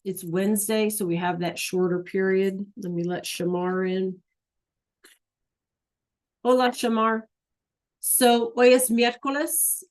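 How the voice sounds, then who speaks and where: Friendly middle-aged teacher, woman, online class, keeps checking in with students. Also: mid-range voice. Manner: chatty, encouraging, frequent "right?" checks. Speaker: Spanish teacher. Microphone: video call.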